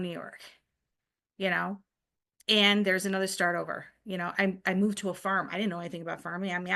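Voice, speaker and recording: Bright-voiced woman telling personal stories. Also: mid-range voice. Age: middle-aged. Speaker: podcast co-host. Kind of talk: casual chat.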